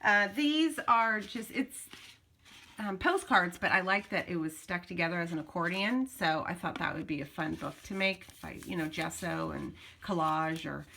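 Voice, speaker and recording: Chatty woman with a bright voice. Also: fairly low pitch, normal speed, vocal fry, slight background noise. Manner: chatty, rambling, self-interrupting. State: slightly out of breath. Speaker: craft vlogger. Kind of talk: casual show-and-tell.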